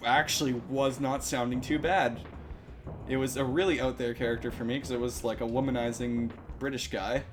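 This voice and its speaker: A man's voice: medium pitch, fairly even intonation, moderate pace, over music. Rambling, swearing young male streamer. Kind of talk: casual chat while playing.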